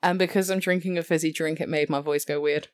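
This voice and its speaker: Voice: mid-range voice, fairly even intonation, quick pace, clear, resonant tone. A guest on a casual podcast who teases the host playfully. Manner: teasing, playful.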